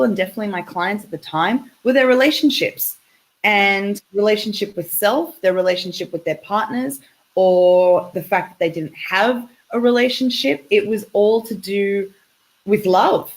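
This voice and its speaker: A woman's voice: medium pitch, rough recording. An Australian woman in her thirties, a relationship coach chatting effusively as a guest over a video call. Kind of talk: casual interview over a call.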